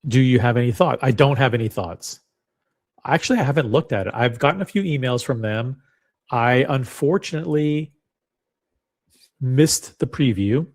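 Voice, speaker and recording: A man's voice: medium pitch, animated, normal speed, pauses often, a little mellow. A man hosting a loose, casual livestream. He rambles from one thing to the next and jokes at his own expense as he talks to the viewers. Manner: rambling, joking, self-deprecating. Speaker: livestream host.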